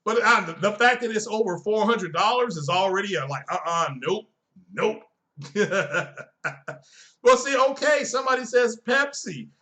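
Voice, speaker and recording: A middle-aged man hosts a casual live stream, talking in a high voice. His tone is bright and forceful as he rants bluntly and swears freely, chuckling at his own jokes. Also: animated, unhurried. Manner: blunt, profane and joking, chuckles often.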